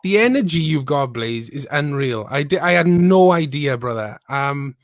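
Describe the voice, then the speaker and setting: A man hosting a podcast, enthusiastic and warm-hearted in casual chat, often stumbling over restarts. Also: a little high, expressive, moderate pace, no echo, clean studio sound. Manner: enthusiastic, stumbling restarts, calls guest brother. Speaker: podcast host.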